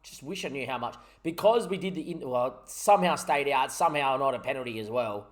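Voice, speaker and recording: A man's voice: medium pitch, fairly quick. Young man, casual gameplay commentary, frustrated, swears a lot, rambling. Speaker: gaming YouTuber.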